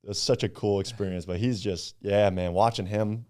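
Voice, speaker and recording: A young man from Upstate New York, a podcast guest, chatting casually and acting out his stories with animated quotes and some swearing. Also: on the low side, moderate pace. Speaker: podcast guest, club founder.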